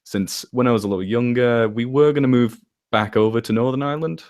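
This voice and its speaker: A man's voice: medium pitch, a little fast, a little mellow. A man with a northwest English accent, a guest chatting casually in an interview, rambling a little and correcting himself as he goes. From England. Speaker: interview guest, story narrator. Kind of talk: casual chat.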